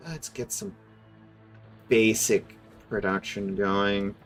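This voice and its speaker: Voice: low-pitched, expressive, takes it slowly, faint music behind. A streamer giving casual, chatty commentary over a factory-building game, explaining its mechanics with amusement.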